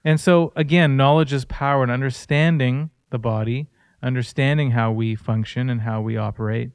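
A man's voice: medium pitch, steady tone, moderate pace, clean tone, no room sound. A man in his thirties co-hosting a casual faith-based podcast, telling personal stories in an earnest, conversational way. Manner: earnest storytelling. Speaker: podcast co-host.

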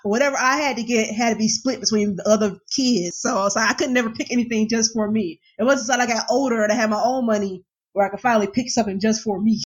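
Laughing woman co-host, higher voice. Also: fast talker, hardly any pauses. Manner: laughs often, acts out quotes of herself and mom. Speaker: podcast co-host. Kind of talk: casual chat.

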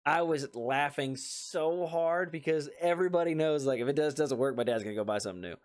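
A man's voice: on the high side, a little fast. Laughing storyteller man. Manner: laughs while telling family stories. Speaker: podcast co-host. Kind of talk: casual storytelling chat.

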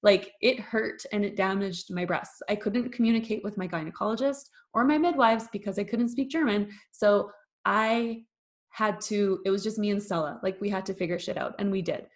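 A woman from Canada in her thirties, a podcast guest telling her story in an animated, casual way, full of "like" and acted-out quotes. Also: mid-range voice, normal speed. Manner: animated, acts out quoted voices, frequent fillers.

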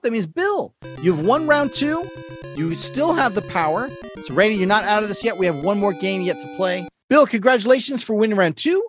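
A man's voice: sits high, dry recording. A man hosting a music quiz podcast in a playful, teasing manner. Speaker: game show host.

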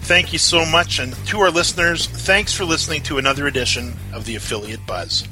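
A man's voice: a little high, steady tone, a little fast, pushed and bright, faint music behind. A man hosting a podcast interview, asking long, rambling questions and restarting often. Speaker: podcast host.

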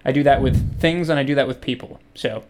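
A man's voice: mid-range voice, fairly even intonation, brisk, darkish tone, faint music behind. A young man in casual podcast chat, rambling with many restarts and fillers.

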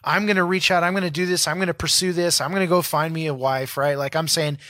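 A man's voice: on the high side, quick pace, no room sound, clean studio sound. A man in his thirties, a pastor co-hosting a podcast, telling a personal story in casual chat and acting out what people said. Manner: animated storyteller acting out quotes.

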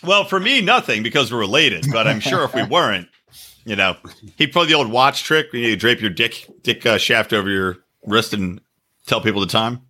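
A man hosting a podcast, telling a crude story in an animated way and shouting when he acts out quotes. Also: mid-range voice, normal speed. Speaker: podcast host.

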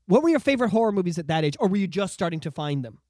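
Animated high-voiced man, dry close mic. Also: racing, no echo. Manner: animated, excitable storyteller; swears freely. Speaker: podcast co-host. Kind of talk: casual podcast chat.

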